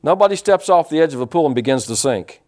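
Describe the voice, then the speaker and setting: Man, pastor, lively sermon, high-pitched voice, acts out quotes. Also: quick pace. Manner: animated preaching with acted-out quotes and audience call-and-response.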